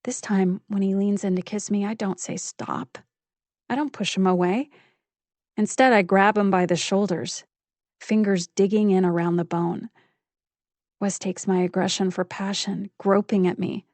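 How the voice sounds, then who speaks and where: A woman reading a first-person psychological thriller audiobook in a measured, intimate storytelling manner on a close studio mic. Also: medium pitch, steady tone, a little mellow, no echo. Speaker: audiobook narrator.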